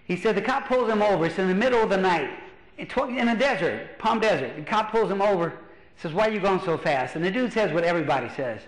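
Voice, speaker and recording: A man from Louisiana, a pastor doing stand-up comedy as an animated storyteller who acts out voices. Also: sits high, fast talker. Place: church hall. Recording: echoey hall.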